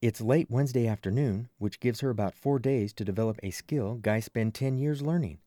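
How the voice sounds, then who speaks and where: A man narrating a first-person audiobook with expressive storytelling. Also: mid-range voice, normal speed, no room sound, studio quality.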